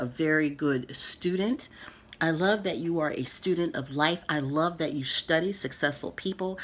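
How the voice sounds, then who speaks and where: Low-voiced woman, earnest sassy address. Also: a bit bright. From United States. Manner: earnest and emphatic, with sassy asides. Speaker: vlogger giving book feedback. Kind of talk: casual direct-to-camera address.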